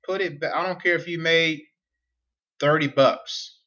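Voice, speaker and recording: Man, bright forceful voice, emphatic and repetitive, whiteboard lesson, dull lo-fi sound. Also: a little high, fairly even intonation, measured pace. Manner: repetitive, emphatic, asks rhetorical questions. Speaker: online business coach. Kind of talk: whiteboard teaching monologue.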